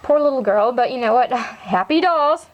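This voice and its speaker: A woman's voice: high-pitched, animated, normal speed, muffled recording. A young adult woman chatting casually as she shows off her doll collection, rambling with lots of fillers. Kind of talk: casual show-and-tell chat.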